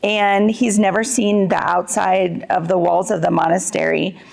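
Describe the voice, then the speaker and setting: A woman's voice: fairly low pitch, little pitch movement, a little slow, gravelly, darkish tone. A woman co-hosting a show, walking through a simple recipe and talking about books in an easygoing way, laughing often. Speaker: co-host and executive producer. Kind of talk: casual cooking and book chat.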